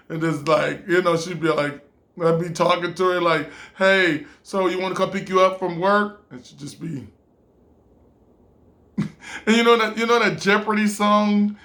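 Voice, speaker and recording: A man's voice: high voice, fairly bright tone. A man in his twenties telling a casual personal anecdote, rambling, full of "like" and laughing often. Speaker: storyteller.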